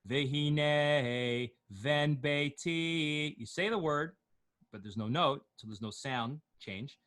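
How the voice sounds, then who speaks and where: A man teaches an online class, slowly chanting Torah words and notes before explaining them in quick, joking asides and asking the class questions. His mid-range voice is expressive, pushed, and bright.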